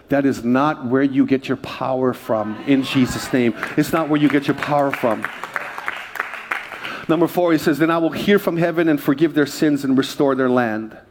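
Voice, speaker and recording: A man preaching a conversational sermon from a church stage, dropping into quiet asides and rising into loud, excited storytelling. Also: fairly high pitch, slight background noise. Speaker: pastor.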